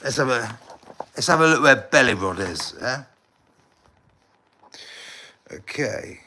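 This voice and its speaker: A man's voice: medium pitch, lively intonation, slow pace, bright, forceful tone, a little hiss or hum. An English man on a casual livestream, rambling and talking straight to his chat viewers, now and then flaring up in indignant bursts.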